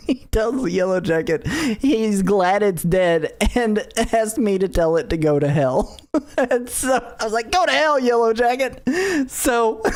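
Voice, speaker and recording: A man in his thirties, co-hosting a podcast in casual chat, telling a long story with lots of fillers and acted-out quotes. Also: a little high. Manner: rambling storyteller, acts out quotes. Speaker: podcast co-host.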